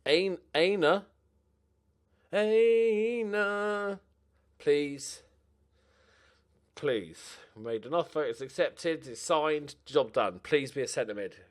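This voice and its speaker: A man's voice: medium pitch, takes it slowly. Chatty man commentating his game. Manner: animated, talks to himself, swears and mutters. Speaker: gaming commentator. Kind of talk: casual gameplay commentary.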